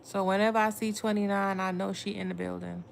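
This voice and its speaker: A woman's voice: mid-range voice, little pitch movement, a little fast, vocal fry, slight background noise. A woman tarot reader chatting casually with viewers on a livestream, blunt and swearing freely. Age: adult with a son.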